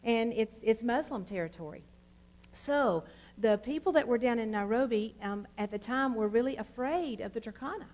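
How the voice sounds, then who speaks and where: A middle-aged woman pastor, telling a testimony in a sermon with a lot of fillers and animated storytelling. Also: on the high side, moderate pace.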